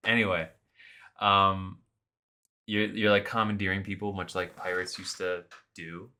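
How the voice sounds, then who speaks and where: A man co-hosting a podcast, recapping a video game in animated, sarcastic casual chat. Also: deep voice, measured pace. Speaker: podcast co-host.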